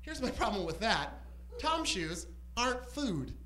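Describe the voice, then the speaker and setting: Camp male stand-up, lively swooping pitch, shrieky bursts on a club stage. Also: a little slow, background noise. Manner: camp, animated storytelling with squealing outbursts. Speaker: stand-up comedian. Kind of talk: stand-up comedy set.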